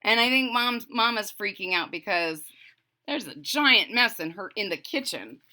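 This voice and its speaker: A woman's voice: mid-range voice, expressive, normal speed, bright, forceful tone. A woman reading a picture book aloud to children, stopping to explain the story in chatty asides.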